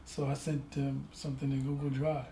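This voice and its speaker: A man's voice: mid-range voice, a little fast, creaky. A man co-hosting a casual podcast chat, telling stories animatedly and acting out the people in them. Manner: animated storyteller, acts out voices in his anecdotes. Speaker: podcast co-host. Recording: echoey room with faint ambient noise.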